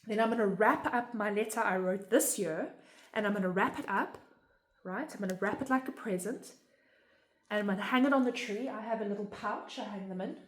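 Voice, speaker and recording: A woman's voice: medium pitch, brisk. A woman explaining a home ritual in a casual, earnest way, often checking in with "right?". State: emotional, near tears. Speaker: spiritual teacher. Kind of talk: casual instructional talk. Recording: echoey room.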